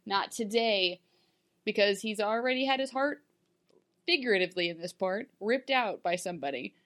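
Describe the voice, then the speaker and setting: A woman's voice: mid-range voice, animated, fairly quick, fairly bright tone. Gushing woman chatting about a show. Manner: gushing, filler-heavy, slips into silly acted voices. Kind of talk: casual TV recap chat.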